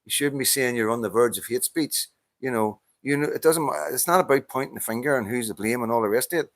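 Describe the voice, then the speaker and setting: A man's voice: medium pitch, quick pace, no echo. Heated Northern Irish man, dry close sound. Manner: agitated, swears often, stammering restarts. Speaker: vlogger answering a viewer's comment. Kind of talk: heated casual monologue.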